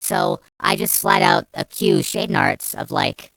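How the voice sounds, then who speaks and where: Here a young woman speaks as a vlogger in a storytime rant, furious and profane, wandering off and starting over. She talks slowly in a lowish voice, with noise audible behind her.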